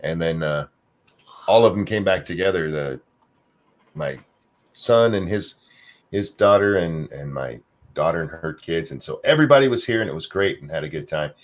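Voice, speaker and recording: A man's voice: sits low, animated, moderate pace. A middle-aged man hosting a live-stream podcast in casual chat, joking and laughing off his own slip-ups. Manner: joking, laughs off flubbed intros. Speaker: podcast host.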